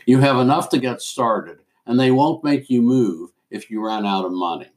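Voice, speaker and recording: A man reads the lines of an earnest young divinity student in a storybook. She speaks plainly and directly, with a little more pitch than the narration. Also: moderate pace, a little mellow, lightly acted, low-quality recording.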